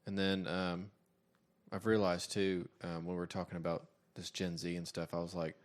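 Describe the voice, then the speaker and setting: A man's voice: low voice, little pitch movement, normal speed. A man in his thirties co-hosting a casual comedy podcast, rambling through stories and breaking into mocking voices. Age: 30s. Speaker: podcast co-host.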